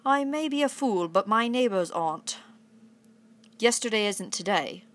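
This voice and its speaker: A woman's voice: lively intonation, a little slow, natural voice. A woman voicing a blunt, stubborn middle-aged farmer father, reading a storybook aloud. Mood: stern. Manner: blunt, rumbling, defiant.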